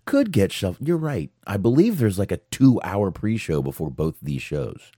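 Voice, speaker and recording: A man's voice: low-pitched, very animated, moderate pace, warm tone, breathy edge, dry recording, studio quality. A man co-hosting a casual chat show, talking loosely with frequent swearing and repeated words. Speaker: podcast co-host.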